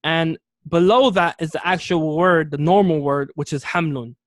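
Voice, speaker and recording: A man teaching a classroom lesson on Arabic words, speaking in a somewhat high voice. He moves step by step, says important terms slowly and repeats them, and keeps asking "okay?" to check that his students follow. The recording is dry, close and free of room echo.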